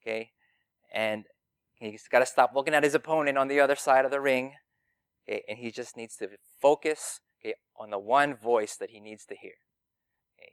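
Guy preaching a sermon, chatty and earnest, smooth voice, dry close sound. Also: fairly low pitch, a bit bright, no room sound. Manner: earnest, plain-spoken, addresses listeners directly. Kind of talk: conversational sermon.

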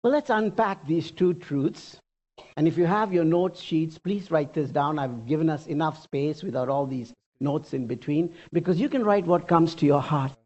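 Speaking at a medium pitch and a moderate pace, an animated pastor preaches directly to his congregation, posing questions and hammering home repeated points. The recording has its high frequencies cut off.

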